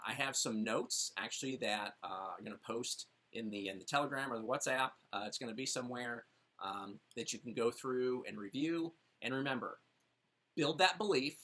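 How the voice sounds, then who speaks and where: Husky-voiced man giving an animated sales lesson. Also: mid-range voice. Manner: animated, acts out sample dialogue with lots of "right?". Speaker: sales trainer. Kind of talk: training talk on sales objections.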